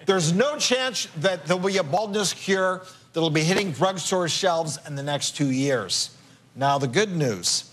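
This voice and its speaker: A man with a slightly raised pitch co-hosts a television talk show. He delivers the news and reacts in an upbeat, easygoing way. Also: lively intonation, unhurried, a bit bright. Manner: upbeat, conversational. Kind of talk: studio talk.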